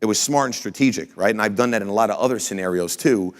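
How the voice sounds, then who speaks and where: A man, a company founder, telling blunt, energetic motivational stories to a live audience and swearing casually. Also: fairly low pitch, quick pace. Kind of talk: motivational storytelling talk.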